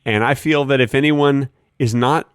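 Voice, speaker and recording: A man co-hosting a comedy podcast in casual chat, delivering mock-serious jokes with a deadpan touch. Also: mid-range voice, moderate pace, clean tone, no room sound, studio quality. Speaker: podcast co-host.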